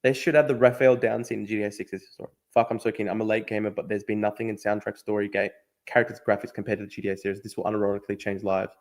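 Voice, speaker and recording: A man's voice: lowish voice, little pitch movement, racing. A young Australian man hosting a casual live stream, chatting and answering his chat, often repeating himself. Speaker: streamer host.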